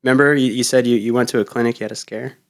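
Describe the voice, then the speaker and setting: A man's voice: mid-range voice, fairly even intonation, very fast. A man hosting a podcast, laid-back and swearing freely in casual chat. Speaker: podcast host.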